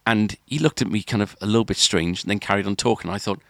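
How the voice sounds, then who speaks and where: A man's voice: fairly low pitch, fast talker, gravelly, fairly bright tone, no room sound, clean studio sound. A man telling a long story on a podcast, rambling and restarting often. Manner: rambling, lots of filler and restarts. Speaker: podcast co-host. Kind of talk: casual storytelling.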